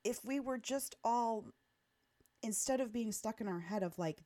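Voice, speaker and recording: A woman's voice: fairly high pitch, expressive, a little slow, mellow, no room sound. A woman hosting a podcast in casual chat, talking freely and acting out little dialogues with plenty of filler words. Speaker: podcast host.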